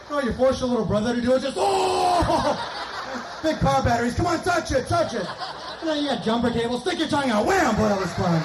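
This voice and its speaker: High-voiced man doing stand-up outdoors. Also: lively intonation. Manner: rapid jokey patter, acting out voices, laughing at his own jokes. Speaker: stand-up comic. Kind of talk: stand-up comedy set. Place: outdoor park concert stage. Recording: echoey outdoor concert with crowd noise.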